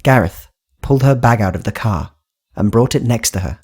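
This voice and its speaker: A man reading a horror audiobook as narrator, in steady, even storytelling. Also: on the low side, normal speed, breathy edge. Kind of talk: scripted narration.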